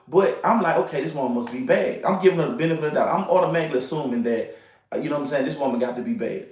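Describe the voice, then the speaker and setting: A young man telling a date story in a casual, animated way, repeating phrases and asking "you know what I'm saying". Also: fairly high pitch, racing, far from the mic. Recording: echoey room, off-mic.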